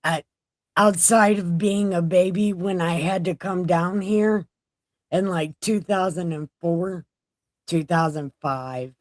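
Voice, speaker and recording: A woman in her forties with a lowish voice, recorded close and dry with no room sound. She talks slowly and easily, with dry, self-mocking humor. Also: fairly even intonation, a little mellow, no room sound. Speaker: adult daughter. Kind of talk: casual chat.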